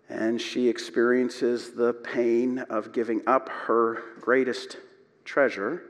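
A man preaching a sermon as pastor, retelling a story slowly and dramatically with hushed emotional passages. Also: medium pitch. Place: church sanctuary. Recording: long hall reverb.

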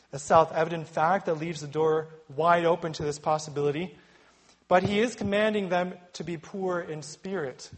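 Male preacher, slightly high voice, forceful sermon delivery with big dynamic swings. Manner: emphatic preaching, swelling loud on warnings and quotes.

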